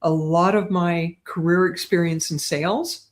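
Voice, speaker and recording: An older woman, a guest on an interview show, chatting in a lively way and often checking in with "right?". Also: fairly low pitch, a little slow. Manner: chatty, animated, tags lines with "right?". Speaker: guest psychic medium. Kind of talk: casual storytelling interview.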